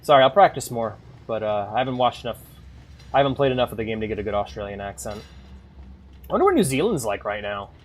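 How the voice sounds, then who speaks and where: A man streaming a game, rambling and swearing freely as he thinks out loud between moves. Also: on the low side, animated, fast talker, a little hiss or hum. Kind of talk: casual gameplay commentary.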